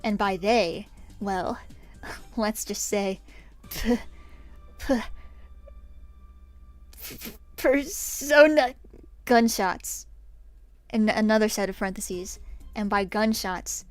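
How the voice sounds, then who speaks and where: A woman's voice: medium pitch, steady tone, slow, pauses often, no room sound, faint music behind. A young woman streamer telling a story in a chatty, self-mocking way, laughing often. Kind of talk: casual storytime while drawing.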